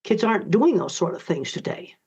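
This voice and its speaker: A woman's voice: mid-range voice, big pitch swings, a little fast, gravelly, a little mellow, slightly rough. An older woman answering interview questions in a blunt, emphatic, direct way. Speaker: guest author. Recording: dull lo-fi audio.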